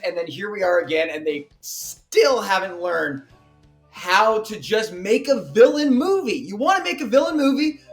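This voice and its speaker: A man co-hosting a podcast, ranting in an exasperated, profane way in casual chat. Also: high voice. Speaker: podcast co-host.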